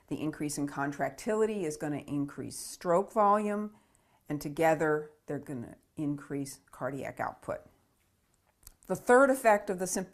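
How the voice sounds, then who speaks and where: A woman physiology lecturer in a recorded lecture, explaining step by step, repeating key terms and checking in with "okay?". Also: low-pitched.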